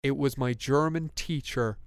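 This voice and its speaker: A young Irish man tells a story on a casual podcast, animated and quick to laugh, often stumbling and restarting. His voice is smooth and clear. It is recorded close and dry. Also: mid-range voice, dry recording. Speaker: podcast co-host.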